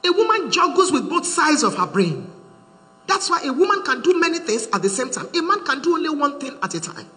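A middle-aged woman preaching on marriage, animated and humorous, acting out the voices she quotes. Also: high voice, fairly quick. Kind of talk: sermon to a congregation. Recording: reverberant hall with faint hum.

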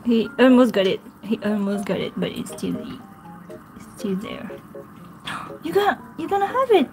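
A woman's voice: fairly high pitch, sing-song, a little slow, over music. A woman vlogging with her pet, giggly, coaxing and pleading with it in casual talk. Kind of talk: casual pet vlog narration.

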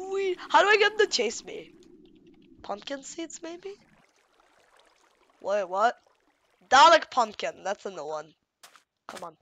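A woman with a high voice that leaps all over the place gives playful commentary while she plays a game. She gushes and baby-talks to her pets on screen, and her pace stays unhurried. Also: big pitch swings, a bit bright. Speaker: YouTuber showing a game mod.

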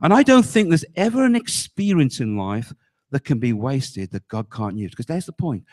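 A male pastor preaching a sermon, emphatic, often dropping low on key words and asking the congregation rhetorical questions. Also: sing-song, moderate pace, a little mellow.

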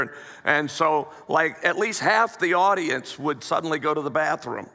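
A male preacher tells jokes and stories to his congregation in a folksy, easygoing way, often restarting his sentences. His voice is bright and forceful, pitched a little high for a man. The sound rings with the long reverb of a church hall. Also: lively intonation, normal speed. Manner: folksy, joking, with frequent restarts. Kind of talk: storytelling sermon.

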